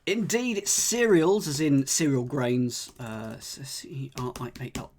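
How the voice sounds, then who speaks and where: A man streaming a crossword solve, talking casually with his viewers. He thinks out loud and jokes along the way, with a middle-pitched, everyday voice. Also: animated, a little slow, slight background noise. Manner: chatty, jokey, thinks aloud, talks to chat. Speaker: streamer solving cryptic crosswords with live chat. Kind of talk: casual live-stream chat.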